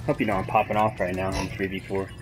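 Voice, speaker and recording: Low-voiced laid-back gamer man, joking on headset chat, music loud behind. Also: little pitch movement, quick pace. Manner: joking, laughs a lot. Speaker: gamer teammate. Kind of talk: casual voice chat.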